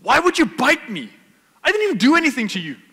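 A man, as a preacher, putting on an enraged hiker who shouts up high and accusing, his voice bright and piercing. The yelling rings out with a long hall echo behind it. He sounds wronged, indignant and loud. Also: wildly swooping pitch, fast, full character voice. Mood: furious. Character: furious male hiker just bitten by a snake.

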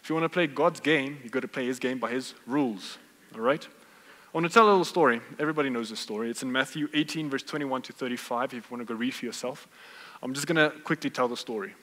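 A man's voice: mid-range voice, fast, a bit bright. A man preaching a sermon in a conversational, emphatic way, full of rhetorical questions. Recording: reverberant hall.

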